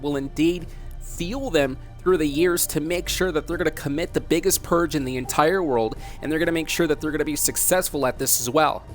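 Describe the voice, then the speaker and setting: A man hosting a dramatic commentary vlog, talking emphatically, repeating himself and asking rhetorical questions. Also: medium pitch. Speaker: host.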